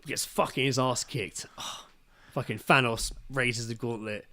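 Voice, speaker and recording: A young man chats on a podcast, excitable and full of swearing. His voice sits at a middling pitch. He often breaks into quick, animated retellings. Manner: excitable, heavy swearing, retells scenes with acted quotes. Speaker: podcast co-host. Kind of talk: casual chat.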